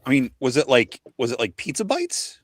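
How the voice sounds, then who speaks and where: A man's voice: medium pitch, huge pitch swings, normal speed. A man in his forties hosting a casual livestream chat, rambling and self-deprecating, tripping over names as he reads them out. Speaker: podcast host.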